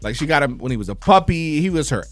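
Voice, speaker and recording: A man hosts a radio show from a studio, telling stories in a loose, chatty way and slipping into the voices of the people he quotes. His voice sits a little higher than most men's, and soft music plays faintly behind him. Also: quick pace. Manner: lively storytelling, acting out quoted voices. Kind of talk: casual radio chat.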